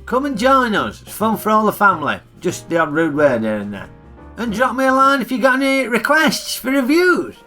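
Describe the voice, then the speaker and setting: A man's voice: high voice, big pitch swings, moderate pace, sharp tone, soft background music. A middle-aged man with a Northern English accent giving blunt, grumbling film reviews in a comic character vlog.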